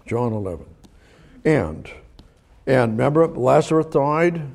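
Male preacher, mellow voice, conversational sermon with rhetorical questions, swings from emphatic to hushed. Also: mid-range voice, animated, measured pace, pauses often.

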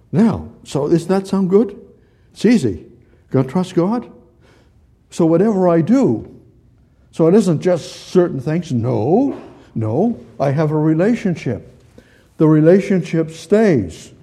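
Male preacher, sermon, very dark tone, husky, repetitive, asks questions, reads scripture. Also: a little high. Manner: gestures with hands while teaching.

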